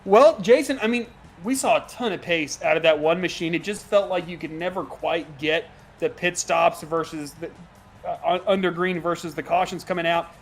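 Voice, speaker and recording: A man doing play-by-play commentary for a sim racing broadcast, chatty and quick, laughing easily between calls. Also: fairly high pitch, faint music behind.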